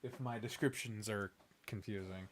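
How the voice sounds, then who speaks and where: With a lowish voice at a normal speed, this Midwestern American streamer, who also narrates visual novels, talks casually on stream. He rambles and lets sentences trail off with ums, in a dry recording.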